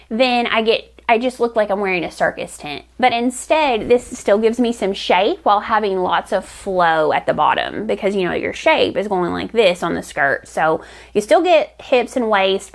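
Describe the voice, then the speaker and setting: A woman's voice: mid-range voice, gravelly. A woman hosting a crafting vlog, chatting enthusiastically to camera with rambling restarts. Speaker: knitting vlog host. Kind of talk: casual chat to camera.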